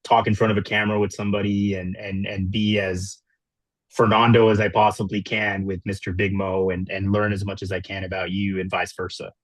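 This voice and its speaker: A man's voice: on the low side, level tone, fairly quick, no room sound. Chuckling storytelling man, dry sound. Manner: storytelling, laughs easily, many fillers. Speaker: guest, wrestler and former news reporter. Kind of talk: casual interview chat.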